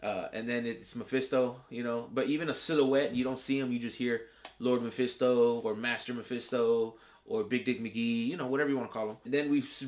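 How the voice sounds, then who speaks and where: Slangy, profane male TV reviewer. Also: medium pitch. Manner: slangy and profane, acting out characters' reactions. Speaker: reviewer and show host. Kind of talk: casual TV episode review.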